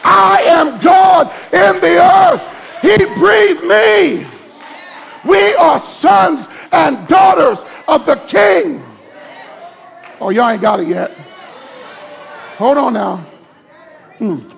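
A man preaching a sermon to a congregation, calling on them to respond, moving from hushed teaching to shouted preaching. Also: very high-pitched, expressive, very slow, creaky, long pauses, a faint crowd, slight background noise. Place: church sanctuary with congregation.

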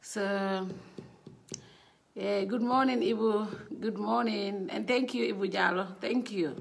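A woman's voice: medium pitch, fairly even intonation, takes it slowly, gravelly. Chatty woman on a live stream. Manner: chatty, laughing, reads out viewer names, switches between languages. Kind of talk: casual live stream chat. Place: indoor studio.

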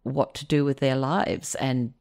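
A woman's voice: rumbling low, steady tone, a little slow, gravelly, a little mellow. A middle-aged woman, hosting a podcast and chatting casually with many fillers. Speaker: podcast host. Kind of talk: casual conversation.

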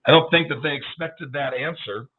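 A middle-aged man, a guest on a talk show, telling lively anecdotes in casual chat and acting out the dialogue. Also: fairly high pitch, normal speed, slightly rough. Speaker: guest, baseball team general manager. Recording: tinny phone-like audio.

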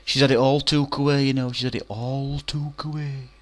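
A man's voice: mid-range voice, flat delivery, normal speed, voice pushed up, natural voice. A man voicing a gossiping older mill woman in a shop queue. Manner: chatty, tutting gossip.

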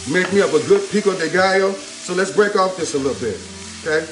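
Upbeat high-voiced man cooking in an echoey kitchen. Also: brisk, recorded from a distance. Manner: upbeat and chatty, repeats a catchphrase, talks himself through the steps. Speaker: home cook hosting his own cooking channel. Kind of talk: casual cooking demonstration. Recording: roomy kitchen echo, mic set back, music underneath. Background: music and frying sizzle.

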